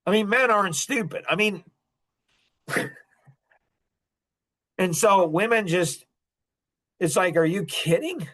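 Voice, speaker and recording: A man's voice: high-pitched, lively intonation, takes it slowly, long pauses, a bit bright. A middle-aged man hosting a podcast, talking in an impassioned, repetitive monologue and breaking into short laughs. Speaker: podcast host.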